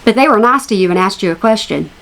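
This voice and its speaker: A woman's voice: mid-range voice, animated, fast, creaky, fairly bright tone. A woman hosting a reaction commentary, sassy and mocking as she talks straight to her viewers. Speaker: commentary channel host.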